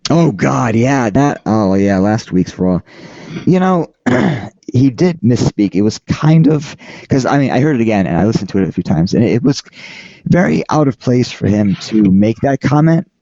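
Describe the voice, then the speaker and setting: A man with a low, mellow voice hosts a casual podcast chat. His pitch swings widely, and he keeps stopping and restarting his sentences. The audio is dry and dull, as if from a lo-fi setup. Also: big pitch swings, no echo. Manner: halting, rambling, frequent restarts. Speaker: podcast host.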